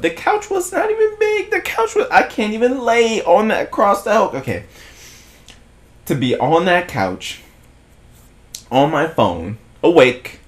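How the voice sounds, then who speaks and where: A young man vlogging a long, casual story, laughing a lot, swearing freely and acting out what people said. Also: fairly high pitch. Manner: animated, laughing, profane storytelling with voiced quotes.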